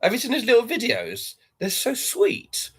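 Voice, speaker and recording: A man's voice: very high-pitched, wildly swooping pitch, moderate pace, slightly rough. A man hosting a livestream, chatting casually and talking straight to his viewers. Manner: chatty, addresses viewers directly. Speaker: livestream host.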